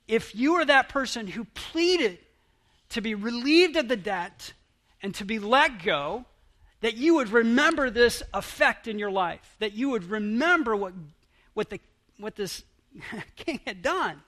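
Man, pastor, sermon, fairly high voice, earnest, stop-start phrasing. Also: lively intonation, a bit bright. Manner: earnest, halting delivery with frequent restarts.

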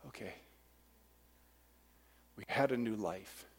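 A man preaching a sermon, telling a childhood story with lively voice and acting out the shouted moments, then leading a prayer. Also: lowish voice, takes it slowly. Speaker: pastor. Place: church sanctuary.

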